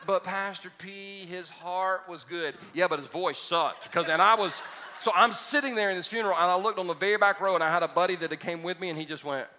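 A pastor preaches to a congregation in a church auditorium, telling funny stories before building to emphatic exhortation. His voice is high-pitched, fast and sharp, with a long reverb tail and a little hiss or hum.

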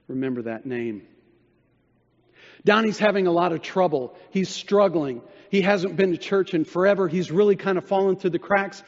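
A man preaching a sermon, telling a story and dropping low and quiet when he quotes others. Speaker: pastor. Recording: dull sound in a reverberant hall.

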